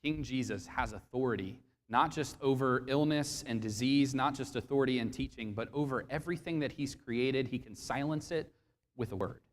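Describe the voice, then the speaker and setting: A man's voice: medium pitch, moderate pace, slight background noise. Man preaching in a reverberant hall. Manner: expressive preaching, acts out quoted voices, asks the congregation questions. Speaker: pastor. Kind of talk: sermon. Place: church sanctuary.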